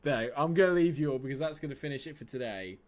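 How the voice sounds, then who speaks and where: A man streaming a football management game live, chatting excitedly and laughing often. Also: mid-range voice, fast talker. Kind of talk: casual live game commentary.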